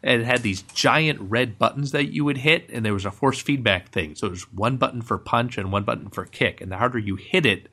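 A man's voice: medium pitch, fairly quick, few pauses, bright, forceful tone. A man on a casual podcast chat over a video call, telling a story in a matter-of-fact way.

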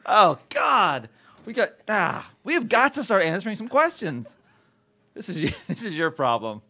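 A man hosts a podcast in a loose, joking way, laughing often. His voice moves widely in pitch, and the sound is dry and close. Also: big pitch swings, measured pace, pushed and bright, slightly rough, no echo. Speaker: podcast host. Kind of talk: casual chat.

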